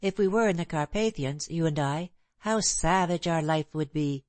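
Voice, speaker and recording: A woman's voice: sits low, moderate pace, a little mellow, no echo, close to an everyday voice. A woman reading the part of a bold, scornful, free-spirited young woman in an audiobook, impetuous and proud. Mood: defiant.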